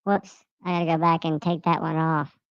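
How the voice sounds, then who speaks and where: A man using a high pitch-shift filter voice. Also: flat delivery, normal speed, clean tone, no echo, lo-fi sound. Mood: playful.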